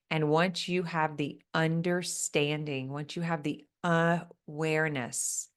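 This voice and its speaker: Slow, low-voiced woman coaching calmly. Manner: calm, soothing, guiding. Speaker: business coach. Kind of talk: coaching monologue with guided exercise.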